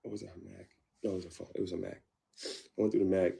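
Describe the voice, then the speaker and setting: Sitting low and relaxed, the voice of this interview guest is deep, dark and gravelly. He candidly describes a past relationship, speaking in fits and starts and repeating himself as he restarts his sentences.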